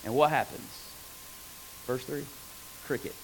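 A man preaching a conversational sermon on scripture, animated and often asking his listeners rhetorical questions. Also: fairly high pitch, normal speed, noisy background.

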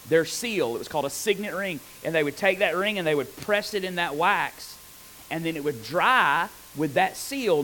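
A man preaching a conversational sermon on scripture, animated and often asking his listeners rhetorical questions. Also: on the high side, slight background noise, rough recording.

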